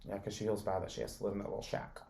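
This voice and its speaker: A man's voice: fairly low pitch, lively intonation, rapid-fire, creaky, warm tone. Easygoing man chiming in on a podcast. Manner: easygoing, chiming in, laughing along. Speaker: podcast co-host. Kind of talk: casual drama recap chat.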